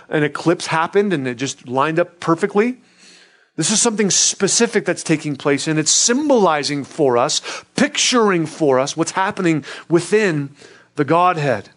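A man's voice: fairly high pitch, a bit bright. A pastor, a man, preaching an earnest sermon in a conversational way and often checking in with his listeners.

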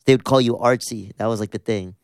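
A man's voice: mid-range voice, fast talker, a little mellow, clear, resonant tone, no room sound, clean studio sound. A man in his thirties from Southern California, a musician telling stories in casual chat, rambling with lots of fillers and swearing. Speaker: musician guest.

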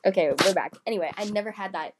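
A woman's voice: medium pitch, fast talker, a crowd in the background. A teenage girl co-hosting a casual chat podcast with friends, teasing and sarcastic, laughing often. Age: teens. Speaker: podcast co-host.

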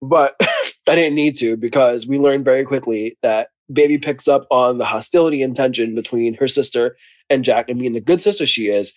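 A man talks casually as co-host of a recap podcast. He is chatty, laughs a lot and slips into voices to act out quotes. His voice sits at a middle pitch, recorded close and dry. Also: normal speed, dry recording.

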